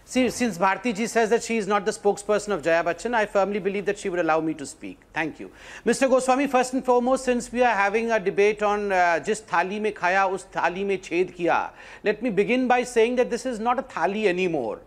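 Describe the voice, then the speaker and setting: A man's voice: high-pitched, quick pace. A man arguing emphatically as a panelist in a TV debate. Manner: emphatic, mixes in Hindi rhetoric. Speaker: political panelist. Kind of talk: TV debate argument.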